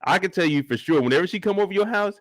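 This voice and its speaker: A man's voice: sits high, rapid-fire, dry recording, clean studio sound. A man hosting a comedic reaction rant about a TV episode, swearing freely and breaking into laughter often. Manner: animated, profane, laughing often. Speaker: show reaction host.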